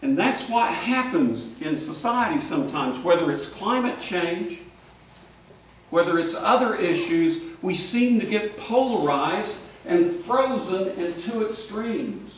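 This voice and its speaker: A priest, a man, tells his story from the pulpit at a slow, unhurried pace. He is picked up from far off in a large church, with a deep echo around his voice and a faint hum of room noise behind. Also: animated. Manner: storytelling, shouting out the lines of people in the story. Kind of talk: sermon.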